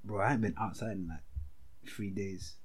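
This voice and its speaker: A man's voice: low-pitched, steady tone, a little hiss or hum. A young man, co-hosting a podcast in casual, teasing chat over a video call. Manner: teasing, quick, breaks into laughter. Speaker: podcast co-host.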